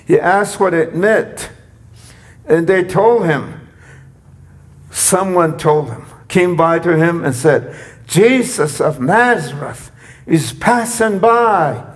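A man preaching a sermon, repeating phrases and rising to loud cries when he quotes. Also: fairly high pitch, lively intonation, slow. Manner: repetitive, rising to shouts when quoting.

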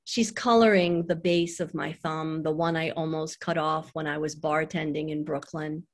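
A middle-aged woman, reading her own poems on a video call, slow and quiet on the lines. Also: steady tone. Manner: slow, soft reading voice that drops low on the lines. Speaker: poet reading her work. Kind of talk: poetry reading with chat between poems.

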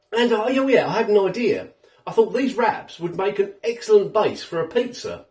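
A man's voice: a little high, warm tone, recorded from a distance. Guy rambling on about his food, voice jumps up and down a lot, kitchen echo. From England. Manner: chatty and rambling, talks while eating. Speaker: food vlogger. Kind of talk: casual food review vlog. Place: home kitchen.

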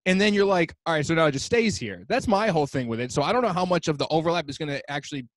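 A man's voice: fairly high pitch, animated, rapid-fire, no echo. A man co-hosting a podcast in a loose casual chat, swearing and slangy. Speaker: podcast co-host. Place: New York.

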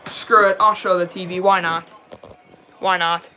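A young man streaming a live reaction to a basketball game, excitable and prone to yelling at the plays, then apologizing. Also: high voice, a little slow. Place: home room, dog nearby.

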